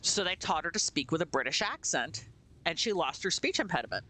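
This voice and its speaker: A man streaming a game and chatting casually, his voice sitting a little high and bright. He tells stories with plenty of swing in his pitch and breaks into laughter often. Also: a little fast. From Pennsylvania, USA. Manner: animated storyteller, laughs often. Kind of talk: casual chat while gaming.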